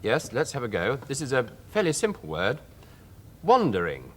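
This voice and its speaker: A middle-aged man, a newsreader with a deep bass voice, speaking precisely and coaching someone on pronunciation. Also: sing-song, a little fast. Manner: precise, clear enunciation, coaching.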